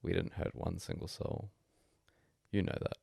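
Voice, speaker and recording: A man reading a bedtime story aloud as a hushed, breathy first-person monologue. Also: unhurried, no echo, studio quality. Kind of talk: soft-spoken story reading.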